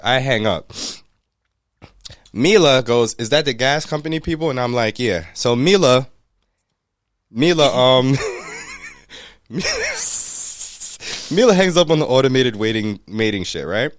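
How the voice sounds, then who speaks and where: A man's voice: medium pitch, moderate pace, pauses often, dry recording, clean studio sound. A man co-hosting a casual podcast, telling a story with lots of swearing and quoted back-and-forth. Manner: profane, animated retelling with quoted voices. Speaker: podcast co-host.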